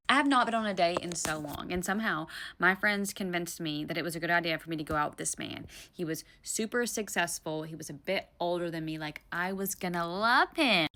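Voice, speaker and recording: A young woman from Tennessee with a Southern accent, telling a casual storytime in an animated, exasperated, blunt way. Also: on the low side. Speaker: storytime vlogger.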